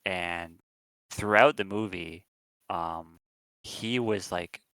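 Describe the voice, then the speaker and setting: Deep-voiced man rambling casually. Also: slow, fairly bright tone, clear, resonant tone, no room sound, low-quality recording. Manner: rambling, lots of ums and restarts, swears casually. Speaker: podcast co-host. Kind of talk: casual chat.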